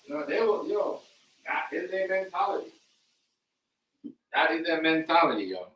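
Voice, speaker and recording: A man's voice: on the high side, big pitch swings, normal speed, a bit bright, roomy sound, poor audio. A man hosting a casual reaction stream, rambling with many fillers and repeated words. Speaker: stream host.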